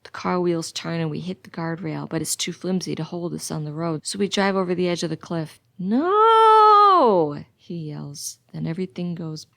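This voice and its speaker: Woman, first-person thriller audiobook narrator, tense delivery, low gravelly voice, dry close sound. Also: steady tone, brisk, few pauses, no room sound. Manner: tense, anxious.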